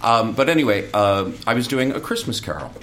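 A man's voice: mid-range voice, a little fast, slight background noise. A man who is a stage actor, telling theater anecdotes in casual chat, laughing often as he goes. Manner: lively storyteller, laughs often.

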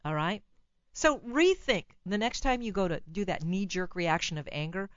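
A woman hosting a call-in radio show as a psychologist, giving blunt, animated advice and laughing at her own remarks. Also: on the low side, normal speed, dry recording, highs cut off.

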